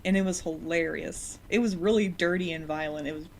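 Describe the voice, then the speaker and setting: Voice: medium pitch, a little fast, gravelly, a little mellow. Podcast co-host, amused, hesitant, lots of ums, faint hum. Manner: amused, hesitant, many fillers. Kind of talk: casual podcast chat.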